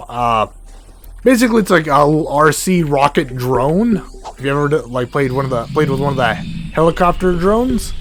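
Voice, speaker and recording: A man hosting a let's play, giving casual rambling commentary with frequent self-corrections and jokey asides, his voice going hoarse and cracking. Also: on the high side. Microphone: desk mic with a cable that gets knocked. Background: game music.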